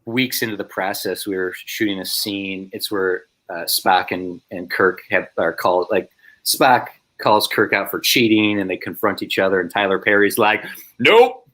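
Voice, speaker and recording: A man's voice: low-pitched, normal speed. A man, a filmmaker guest on a podcast, telling a funny story in a casual way and acting out the voices of the people in it. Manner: animated storyteller, acts out voices.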